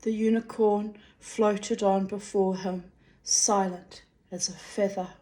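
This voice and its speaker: Brief: a woman reading aloud from a novel, unhurried and gentle, mid-pitched. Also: fairly even intonation, slight background noise. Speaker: reader. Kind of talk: audiobook narration.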